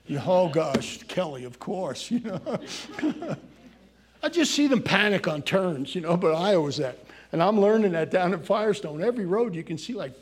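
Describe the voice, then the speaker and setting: A man preaching a sermon, folksy and conversational, reading scripture and asking his congregation questions. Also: a little high. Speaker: pastor.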